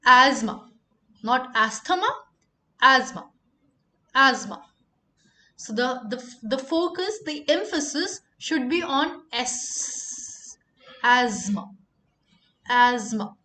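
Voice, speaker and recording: A woman teaching pronunciation, repeating each word slowly for emphasis. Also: high voice, lively intonation, bright, forceful tone. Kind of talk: pronunciation lesson.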